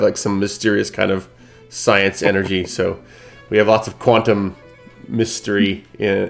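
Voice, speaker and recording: A man's voice: lowish voice, creaky. A man hosting a live-streamed tabletop game as game master, chatty and rambling with lots of fillers over a video call.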